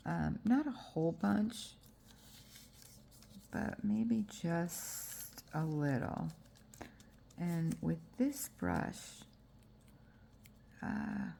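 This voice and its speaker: A woman's voice: low-pitched, vocal fry, mellow, slight background noise. A woman with a stuffy, congested voice from allergies, chatting casually through a crafting tutorial with frequent fillers. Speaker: junk journal crafter.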